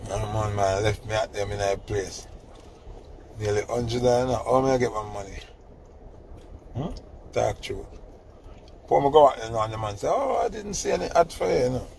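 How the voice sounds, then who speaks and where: A man's voice: on the low side, normal speed, vocal fry, pauses often, a little mellow, slight background noise. A middle-aged man, telling a story in casual chat and teasing his son with laughing mock scolding.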